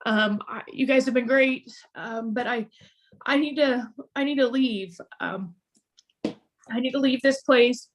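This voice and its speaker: Woman putting on a small girl's sweet sing-song voice, raised pitch, unhurried lines. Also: slight background noise, natural voice. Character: little four-year-old girl, sweetly insistent.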